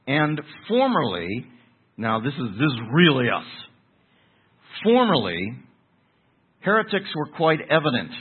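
Husky male preacher on a tinny line. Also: mid-range voice. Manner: methodical, explains Greek words, rises in emphasis. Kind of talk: expository Bible teaching.

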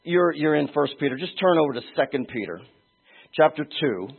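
A man preaching a sermon in an animated way, moving between quiet asides and shouted emphasis, with a husky voice. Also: fairly high pitch, fairly quick. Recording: tinny phone-like sound.

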